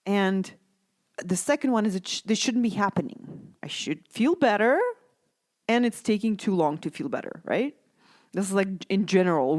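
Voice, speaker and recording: Gentle conversational woman podcast host. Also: mid-range voice. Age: adult mom. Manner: gentle, conversational, frequent "right?". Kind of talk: casual self-help talk.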